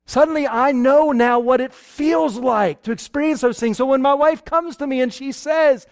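Preacher guy, pretty high voice, animated, plays out bits between a couple, dry sound. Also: moderate pace, few pauses, no room sound. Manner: animated, acts out husband-wife exchanges. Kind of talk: sermon to a live audience.

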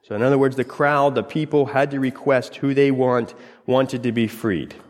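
Preacher in a reverberant church hall. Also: male voice, medium pitch, fairly even intonation, normal speed. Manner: dramatic storytelling, broken into short phrases. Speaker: pastor. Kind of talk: sermon.

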